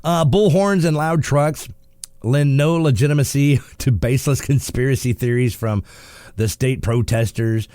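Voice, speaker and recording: A man hosting a morning talk radio show, sarcastic and quick to laugh as he comments on the news. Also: mid-range voice, warm tone, dry recording, studio quality. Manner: joking and sarcastic, laughs often. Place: radio studio.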